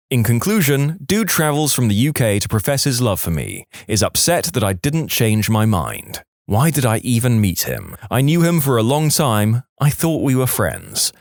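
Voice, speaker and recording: A man reading listener stories aloud as a narrator, with a lively storytelling delivery. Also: medium pitch, no echo, clean studio sound. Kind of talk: scripted narration.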